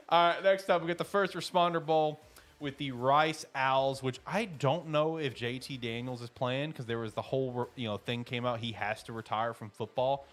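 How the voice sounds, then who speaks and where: A man co-hosting a casual sports show, animated and joking, laughing often. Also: medium pitch, normal speed. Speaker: podcast co-host.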